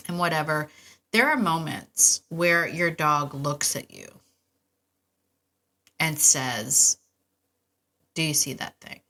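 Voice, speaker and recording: Bright-voiced, chatty woman with a low pitch. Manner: chatty and enthusiastic, with restarts and asides. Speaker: podcast host and dog trainer. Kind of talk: casual solo podcast talk.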